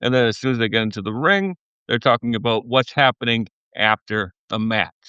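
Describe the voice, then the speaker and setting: Stammering Boston man ranting, bright tone. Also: mid-range voice, brisk, clear, resonant tone, no room sound, lo-fi sound. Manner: rambling and stammering, heated rants. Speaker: podcast co-host. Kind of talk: casual podcast chat.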